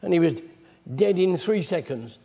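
A man's voice: sits high, moderate pace, creaky. A man preaching a sermon, retelling scripture stories in a chatty storyteller manner. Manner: conversational storytelling, animated retelling. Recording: long hall reverb.

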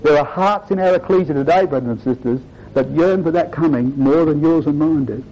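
A man's voice: fairly high pitch, a little fast, dark tone. A man preaching a sermon to his congregation, earnest and emphatic, often addressing them as brothers and sisters. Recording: dull lo-fi recording.

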